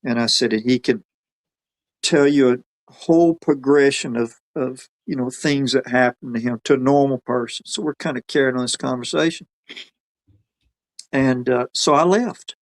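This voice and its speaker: A man from Alabama, medium-pitched and speaking at a normal speed, tells a story as a podcast guest. His casual storytelling is folksy and rambling, and he quotes other people in his own voice.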